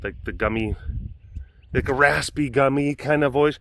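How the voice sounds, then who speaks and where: Bright-voiced man rambling outdoors. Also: mid-range voice, normal speed, gravelly, a little hiss or hum. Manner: rambling and jokey, with many restarts and fillers. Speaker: vlog host at an animal sanctuary. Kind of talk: casual rambling storytelling. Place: outdoors at an animal facility.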